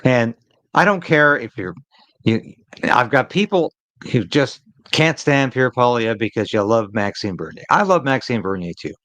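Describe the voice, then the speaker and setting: A man's voice: mid-range voice, animated, moderate pace, fairly bright tone, no room sound, low-quality recording. A man hosting a live political commentary stream, talking in an emphatic, opinionated way and repeating phrases to drive a point home.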